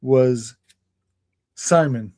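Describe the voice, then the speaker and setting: Very slow and a little mellow, this young man's mid-range voice carries a casual comedy chat show he co-hosts. He tells rambling stories, laughs often as he goes, and drops into silly voices.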